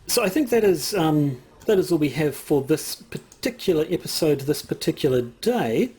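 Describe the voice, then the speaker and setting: A man's voice: a little high, expressive, moderate pace, warm tone, husky. A man co-hosting a podcast, chatting casually with a rambling, hesitant way of talking, full of fillers and restarts. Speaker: podcast co-host. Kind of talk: casual chat.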